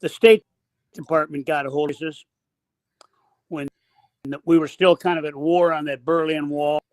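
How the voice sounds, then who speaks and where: An older man, a basketball coach, telling a long anecdote in halting, broken-up phrases. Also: on the high side, fairly even intonation, no room sound, rough recording. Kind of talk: anecdotal storytelling.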